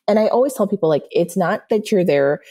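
Speaking in a mid-range voice at a fairly quick pace, a woman manifestation coach gives a podcast interview. She relates stories animatedly and keeps asking "right?" along the way.

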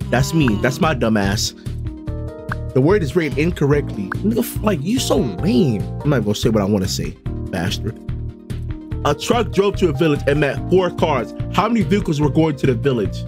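Animated, excitable young man streaming. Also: on the high side, moderate pace, music in the background. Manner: loud, excitable, profane, bursts into shouts. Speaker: streamer reacting to a riddle video. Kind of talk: casual live reaction.

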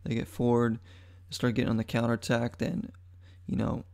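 A young adult man hosting a podcast, giving an excited, rambling match recap full of fillers. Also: mid-range voice, a little fast, gravelly. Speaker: podcast host. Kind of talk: casual sports talk monologue.

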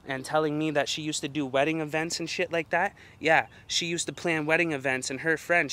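A young man rants into the camera, upset and swearing at nearly every turn. He keeps circling back with fillers and heavy emphasis. His voice sits a little higher than most men's. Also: sharp tone. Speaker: channel host. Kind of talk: agitated personal rant to camera.

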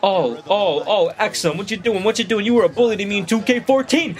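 A man commentates live over sports highlights for his reaction video, talking in loose slang and breaking into excited hollers at the players. His voice sits high and leaps all over the place. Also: fast, few pauses. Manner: slangy street talk.

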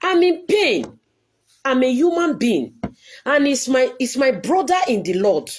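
A woman's voice: sits high, very animated, unhurried, slight background noise. A woman, a church leader, giving an earnest, pleading video address to her followers and repeating herself often.

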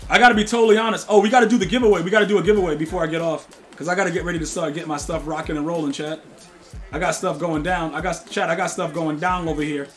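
Brief: young male streamer, AAVE style, high bright voice, rowdy and profane, faint game music behind. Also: rapid-fire. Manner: loud, profane, excitable trash talk. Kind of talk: casual live-stream chat with viewers.

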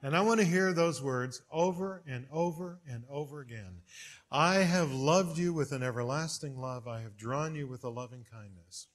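A man preaching a sermon, telling stories with big swings in pitch and loudness. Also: normal speed. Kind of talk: sermon with storytelling.

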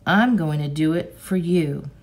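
A woman reading aloud, voicing an earnest, quiet young boy who speaks up eagerly. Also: deep voice, measured pace.

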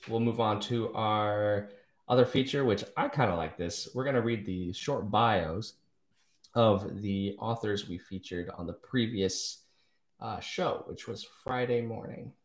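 A man's voice: fairly low pitch, unhurried. A man hosting a live poetry show, chatting casually with wry asides and self-corrections. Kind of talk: casual live-stream reading and chat. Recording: echoey room.

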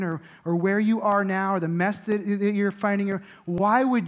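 A middle-aged man preaching a sermon as lead pastor, telling stories casually with lots of filler words, then turning soft and intimate. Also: sits high, moderate pace, hardly any pauses. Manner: animated storytelling with many likes and rights.

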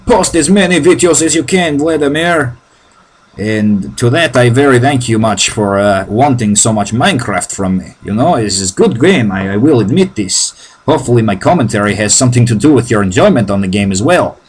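A man's voice: medium pitch, slight background noise. Joking man with a Russian accent. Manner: joking, with broken, hesitant phrasing. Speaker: gameplay commentator. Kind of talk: casual video game commentary.

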